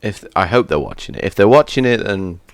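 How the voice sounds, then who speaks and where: A man's voice: fairly low pitch, animated, brisk. A young man co-hosting a casual TV review chat, joking and teasing his friend. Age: young adult. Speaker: co-host reviewing a TV series.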